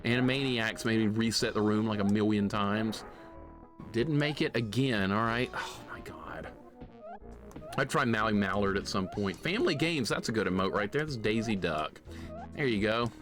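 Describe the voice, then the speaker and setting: A man live-streaming a retro game, excitable and jokingly grumpy as he rants at his chat. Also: lowish voice, moderate pace, music in the background. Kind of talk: casual live-stream commentary.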